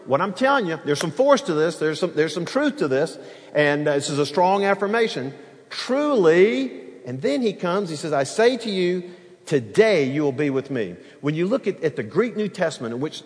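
A man preaching a sermon in an animated way, acting out the quoted lines and bantering with the congregation. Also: a little high, in a large hall. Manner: animated preaching, acts out quoted speech, laughs with the crowd. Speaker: pastor.

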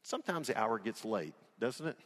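A man's voice: mid-range voice, sing-song, normal speed, a bit bright, in a large hall. A man preaching a sermon as pastor in a church, folksy and joking, retelling scripture in a casual voice. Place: church sanctuary.

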